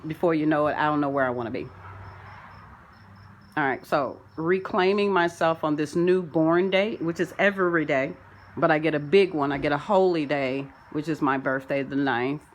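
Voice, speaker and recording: A woman's voice: sits low, normal speed. A woman vlogging from home, rambling through a preachy spiritual monologue full of folksy sayings.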